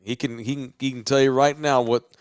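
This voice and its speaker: A man's voice: mid-range voice, fairly even intonation, a little fast, clean tone, no echo, clean studio sound. A man co-hosting a podcast, talking in a loose, rambling, jokey way. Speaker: podcast co-host. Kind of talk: casual chat.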